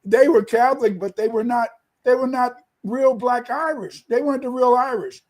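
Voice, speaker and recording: A man's voice: very high voice, normal speed, darkish tone, low-quality recording. A man co-hosting a casual talk, emphatic and rambling, often repeating himself. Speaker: co-host.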